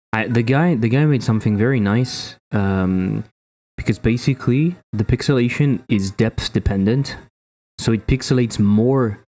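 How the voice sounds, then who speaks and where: A man with a French accent streaming as a game developer, excitable and self-mocking, swearing often as he talks through his work. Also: lowish voice. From France. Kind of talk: casual live-stream commentary while coding.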